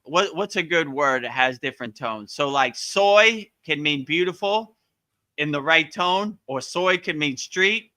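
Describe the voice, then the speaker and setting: A man's voice: on the high side, animated, a little slow, sharp tone, no room sound. A man hosting a live online Q&A, chatting casually, joking and laughing often, with frequent stammered restarts. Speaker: host of a live Q&A. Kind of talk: casual chat.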